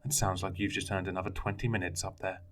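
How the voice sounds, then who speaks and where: A man voicing a harsh foster father who shouts and growls scornful threats. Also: sits low, level tone, fast talker. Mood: angry.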